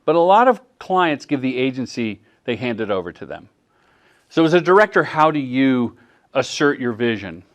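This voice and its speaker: Middle-aged male workshop presenter, lively pitch, acts out dialogue. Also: moderate pace. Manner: animated, acts out quoted dialogue in voices. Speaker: workshop presenter, commercial director. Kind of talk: workshop talk answering audience questions. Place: workshop room at a film festival.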